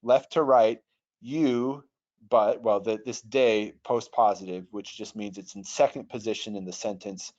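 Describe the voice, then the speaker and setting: A man's voice: lowish voice, lively intonation, moderate pace, creaky, few pauses, darkish tone. A man teaching Greek grammar in an online webinar, patient and thoughtful, often restarting his sentences. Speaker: online Bible software trainer. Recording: dull lo-fi webinar audio.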